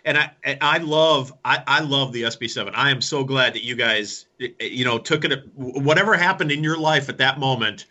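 Bright-voiced male interview host. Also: medium pitch, moderate pace, few pauses, dull audio. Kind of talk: conversational interview.

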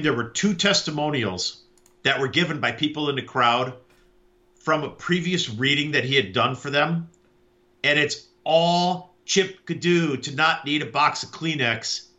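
Podcast cohost guy, bright voice, animated storyteller, kinda dull lo-fi sound. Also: a little high. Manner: animated storyteller, acts out quotes. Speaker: podcast co-host. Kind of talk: casual chat.

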